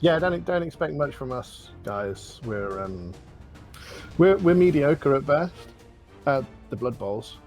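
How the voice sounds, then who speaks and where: A man's voice: medium pitch, animated, slow, a little mellow, faint music behind. A man commentating a video game match in casual style, with joking, self-deprecating banter and the odd swear.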